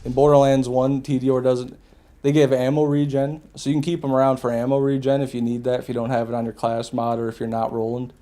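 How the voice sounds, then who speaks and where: Mellow-voiced, foul-mouthed gaming streamer. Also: male voice, medium pitch, little pitch movement, quick pace, hardly any pauses. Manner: profane, joking, laughs at his own jokes; chats with viewers while playing. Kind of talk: casual live gameplay commentary.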